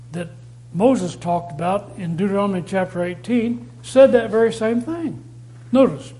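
A man preaching a sermon, reading scripture aloud and repeating key phrases slowly for stress. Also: high voice, a little mellow, poor audio. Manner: reads scripture aloud with rising emphasis.

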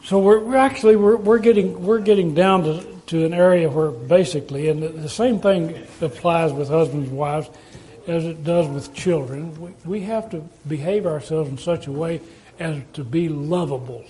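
A man with a high-pitched voice preaching a sermon. He keeps turning to his congregation with rhetorical questions and talks in a plain, conversational way. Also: moderate pace, warm tone.

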